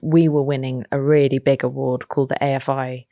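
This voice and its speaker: A woman with a low, deep voice tells a story in an interview. She swears casually, acts out what others said, and sounds lively. The sound is dry and close. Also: brisk, no echo. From England. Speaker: actress guest. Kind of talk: animated anecdote in interview.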